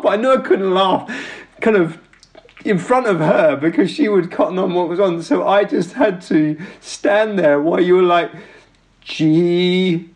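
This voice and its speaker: A man sending a casual voice message, telling a funny story in an animated way and breaking into laughter. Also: high-pitched. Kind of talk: casual anecdote.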